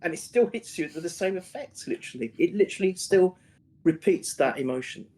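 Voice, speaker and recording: A man co-hosting a casual discussion stream, talking eagerly with a husky voice and often repeating words as he starts over. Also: high-pitched, lively intonation, a little fast, darkish tone. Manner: enthusiastic, repeats words as he restarts.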